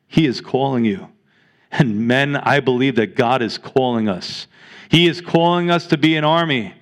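A man's voice: mid-range voice, moderate pace. A man preaching a sermon as pastor, earnest and exhorting, reading scripture aloud to his congregation.

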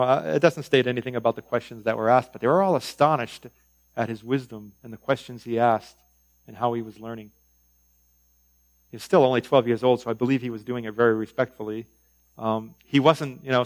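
A man's voice: medium pitch, low-quality recording. A male preacher teaching a conversational sermon, with frequent fillers and informal asides.

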